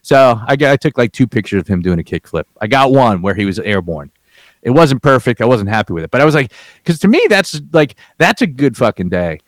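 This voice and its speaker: A man's voice: mid-range voice, big pitch swings, a little fast, no room sound. A man telling a rambling, profanity-laced work story in casual chat, with frequent restarts.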